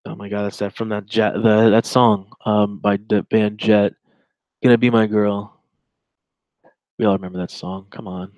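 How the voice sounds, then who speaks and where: A man's voice: fairly low pitch, little pitch movement, moderate pace, darkish tone, no room sound, dull audio. A man in his twenties giving casual, rambling reaction commentary while reading a chat log, with sarcastic asides.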